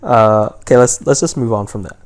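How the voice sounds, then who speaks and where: Podcast co-host: a man with an average-pitched voice who answers briefly and dryly. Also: a little fast. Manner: brief, dry replies, steers the talk along. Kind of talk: casual chat.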